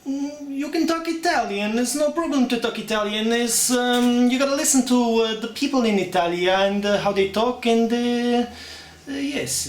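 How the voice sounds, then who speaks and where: Brief: young man, high-pitched, halting casual talk, roomy echo. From Slovakia. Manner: hesitant, many fillers, slips into put-on accents. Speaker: aspiring actor demonstrating accents. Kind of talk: casual accent demonstration to camera. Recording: echoey room.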